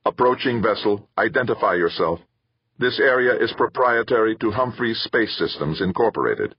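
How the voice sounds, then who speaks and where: A man's voice: on the low side, expressive, moderate pace, husky, no echo, lo-fi sound, voice pushed up. A man voicing a computerized guard voice on a comm speaker, formal and commanding. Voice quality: synthesized, machine-like. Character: cold computerized male guard voice.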